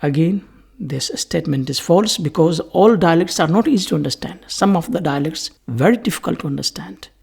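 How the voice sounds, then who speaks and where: Husky voice, lecturer, recorded lesson, deliberate listing delivery. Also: mid-range voice, animated, a little mellow. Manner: deliberate, repeats terms in lists. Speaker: English language lecturer.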